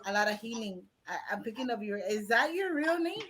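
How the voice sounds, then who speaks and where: A woman's voice: on the high side, lively intonation, fairly quick, a crowd in the background, rough recording. A woman with a Mexican accent giving a blunt, profane, rambling tarot reading on a live stream. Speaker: tarot reader.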